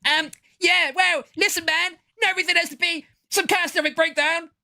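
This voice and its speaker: Brief: a man playing a smug male commentator, whiny and high. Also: steady tone, brisk, gravelly, sharp tone, exaggerated voice. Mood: mocking.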